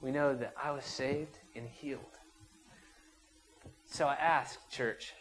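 A man's voice: mid-range voice, fairly even intonation, slow pace, pauses often, low-quality recording. A man preaching a sermon to his church, retelling a scripture story and leading prayer with rising, emphatic passion. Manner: impassioned, rising to loud peaks when voicing prayers and quotes. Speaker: pastor.

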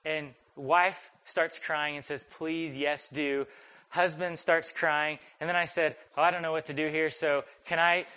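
A young man preaching a sermon, telling a personal story in a conversational, animated, self-deprecating way. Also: fairly high pitch, normal speed, few pauses, clear, resonant tone. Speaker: pastor.

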